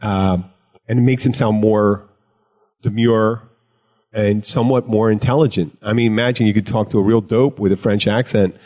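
A man's voice: on the low side, steady tone, normal speed, a little mellow. A middle-aged man hosting a casual chat show, talking in a rambling way with restarts and laughs. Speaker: podcast host.

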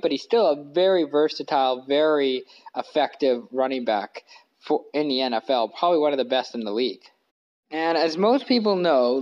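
His voice is a little high yet darkish in tone, and the audio comes across dull. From the living room couch, this podcast host rambles through casual sports chat, self-correcting and full of fillers.

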